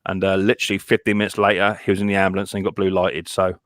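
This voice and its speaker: A man hosting a casual live stream chat, rambling and halting, with many restarts and fillers. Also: low voice, completely flat delivery, fairly bright tone, no room sound, clean studio sound.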